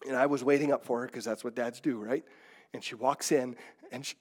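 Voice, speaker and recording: A man's voice: mid-range voice, steady tone, a little fast, a little mellow. A middle-aged man, a pastor, preaching a sermon in a conversational, digressive way with many restarts.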